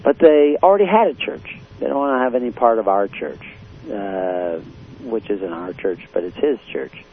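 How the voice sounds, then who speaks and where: A man preaching a blunt, confrontational radio sermon, often pausing with fillers. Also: on the low side, expressive. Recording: tinny phone-like radio line with faint hiss.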